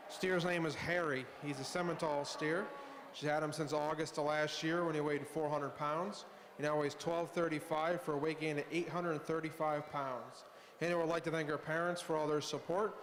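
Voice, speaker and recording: A man reading out exhibitor introductions at a livestock sale in a measured, formal announcing style. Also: a little high, long reverb tail, slight background noise, rough recording. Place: indoor livestock show arena over PA.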